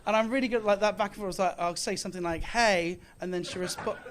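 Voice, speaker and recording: A man's voice: high voice, fairly even intonation, very fast, slight background noise. A British man performing a stand-up comedy set in a club, with boastful mock bravado and self-mocking delivery. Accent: British English. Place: comedy club, live audience. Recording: live club with audience laughter.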